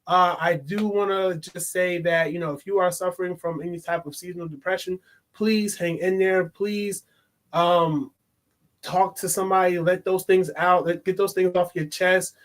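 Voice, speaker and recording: High-voiced young man rambling chattily. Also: steady tone, moderate pace, fairly bright tone. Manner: rambling, chatty, joking asides and frequent restarts. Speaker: movie reviewer. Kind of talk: casual vlog monologue.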